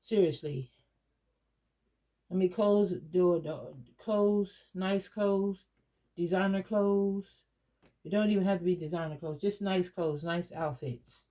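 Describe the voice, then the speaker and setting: A woman's voice: fairly low pitch, fairly even intonation, unhurried, mellow. A middle-aged woman chatting casually to her viewers, rambling with many restarts and fillers. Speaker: doll collector vlogger. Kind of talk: casual chat to camera.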